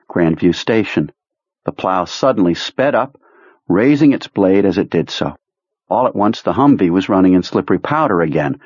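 Casting: man, very low and husky, audiobook narrator, dry and slightly dull studio sound. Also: a little mellow, no echo.

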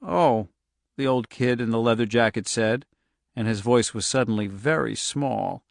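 A man reading a novel aloud in steady scripted narration. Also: medium pitch, normal speed, vocal fry, no echo, clean studio sound. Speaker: audiobook narrator.

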